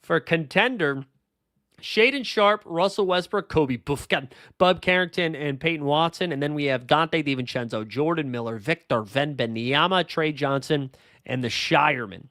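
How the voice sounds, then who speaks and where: A man's voice: fairly high pitch, moderate pace, a bit bright, no room sound, studio quality. A man hosting a fantasy sports livestream in a casual, rambling way, thinking aloud as he answers chat comments. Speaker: livestream host.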